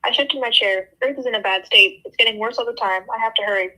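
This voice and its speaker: Bright husky young woman reading aloud. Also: fairly high pitch, fast, poor audio. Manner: animated first-person reading with casual asides. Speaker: book club host.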